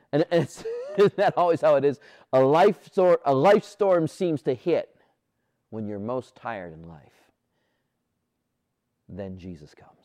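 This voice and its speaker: Lively, animated pastor preaching. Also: male voice, no echo, clean studio sound. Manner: animated, playful voices for quoted characters; drops to a soft, low voice on key points. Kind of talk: sermon.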